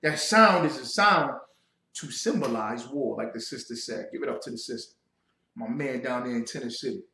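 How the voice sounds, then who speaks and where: Male street-style preacher, high bright voice, roomy echo, shouts for emphasis. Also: moderate pace. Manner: emphatic, builds to shouting, speaks to the audience. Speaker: religious teacher. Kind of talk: livestreamed sermon.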